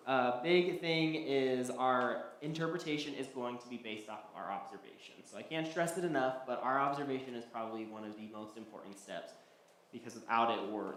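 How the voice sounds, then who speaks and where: Man teaching a bible class, mid pitch, loose chatty delivery, echoey hall, faint background noise. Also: a bit bright. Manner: loose and conversational, with many ums and restarts.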